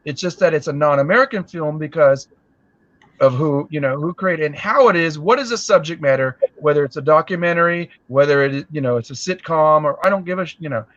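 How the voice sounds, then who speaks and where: Emphatic, talkative guy, fairly high voice, muffled dry lo-fi line. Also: a little fast, a bit bright. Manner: talkative, emphatic, occasional swearing. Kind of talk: casual live stream chat. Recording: dull, dry lo-fi audio.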